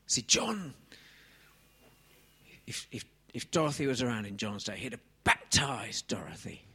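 English preacher guy on a handheld mic, big swings from quiet asides to loud bursts, really lively. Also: medium pitch, a little slow, long pauses, slightly rough. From England. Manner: animated, swings from soft asides to loud exclamations. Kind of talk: sermon.

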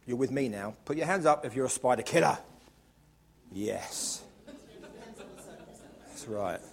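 Playful preacher, swings loud to hushed. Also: male voice, mid-range voice, animated, a little slow, gravelly, husky. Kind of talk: lively sermon. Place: church.

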